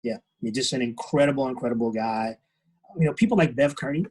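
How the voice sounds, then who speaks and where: A man's voice: mid-range voice, a little mellow, husky, low-quality recording. A middle-aged man, a head track coach, talking earnestly and reflectively in a podcast interview. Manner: earnest, reflective, unhurried storytelling.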